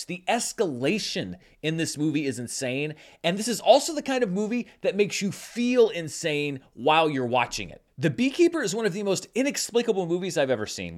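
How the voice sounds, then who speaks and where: A man delivering a scripted film review in an animated, wry and incredulous manner. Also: fairly high pitch. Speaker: film critic.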